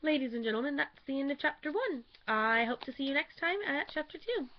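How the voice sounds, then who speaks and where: A woman reads a classic novel aloud with theatrical, expressive storytelling. Her voice sits a little high, and the home webcam recording sounds dull and lo-fi. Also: brisk, a little hiss or hum. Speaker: audiobook reader.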